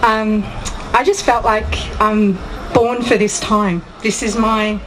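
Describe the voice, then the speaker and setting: A woman in the audience at a talk, speaking in a halting, heartfelt way and restarting her sentences. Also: medium pitch, fairly even intonation. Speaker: audience member. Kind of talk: Q&A comment from the audience. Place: outdoor event on a hot day. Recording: noisy live event recording.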